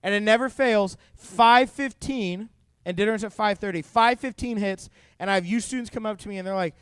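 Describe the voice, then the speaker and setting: A man's voice: sits high, normal speed, smooth, no echo. A young man giving a jokey youth sermon, telling funny stories to teenagers. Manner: jokey, animated storytelling to teens. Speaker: youth pastor.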